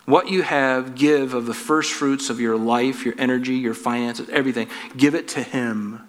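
A man's voice: medium pitch, steady tone, normal speed, big-room sound. A man preaching a sermon as a pastor, earnest and preacherly, building through rhetorical questions.

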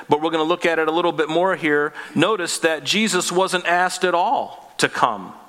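Man preaching, bright voice in a reverberant hall. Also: fairly high pitch. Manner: conversational, with joking asides and rhetorical questions. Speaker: pastor. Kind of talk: Bible-teaching sermon.

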